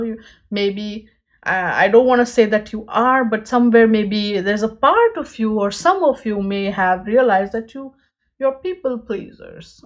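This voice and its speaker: A woman offers a pick-a-card tarot reading, talking earnestly and directly to her viewers and saying "you know" a lot. Her voice is a little high.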